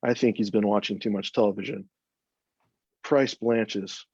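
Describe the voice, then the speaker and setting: A man's voice: on the low side, fairly even intonation, a little slow, pauses often, a little mellow, husky, dry recording. Man reading his own fiction aloud. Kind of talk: first-person fiction reading. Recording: dull, dry, lo-fi sound.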